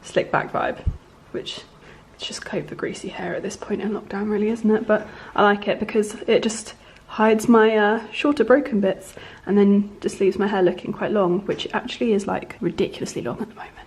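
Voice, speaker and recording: A woman's voice: medium pitch, steady tone, moderate pace. Chatty young woman vlogging. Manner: chatty and bubbly, drifting into soft half-whispers. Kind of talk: casual vlog chat. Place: home.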